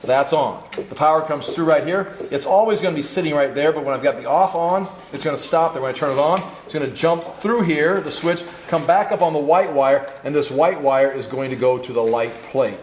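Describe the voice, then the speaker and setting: Male teacher, fairly high voice, step-by-step classroom demo, echoey room with faint noise. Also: brisk, few pauses, a little mellow. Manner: step-by-step, checks that students follow. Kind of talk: hands-on classroom demonstration. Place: classroom workshop.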